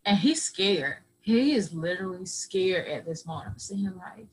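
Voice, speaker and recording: A woman's voice: on the low side, lively intonation, moderate pace, slightly rough, poor audio. A woman guest on a podcast, telling her own story earnestly and acting out other people's words in dialogue. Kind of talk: personal storytelling.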